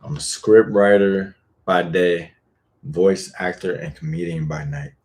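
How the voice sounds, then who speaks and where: A man's voice: low-pitched, unhurried, a little mellow. A man voice actor chatting casually on a live stream, laid-back, thinking aloud and swearing freely.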